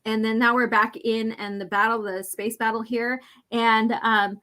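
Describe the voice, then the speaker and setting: A woman's voice: on the high side, flat delivery, sharp tone. Chatty woman reading comics aloud. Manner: chatty, many fillers, reads dialogue slowly with emphasis. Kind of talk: casual chat, reading comic panels aloud.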